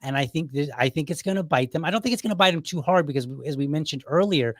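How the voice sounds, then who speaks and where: Woman, panel guest, conversational, dry sound, lowish voice. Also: lively intonation, quick pace, no echo. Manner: conversational, rhetorical questions. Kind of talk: live panel discussion.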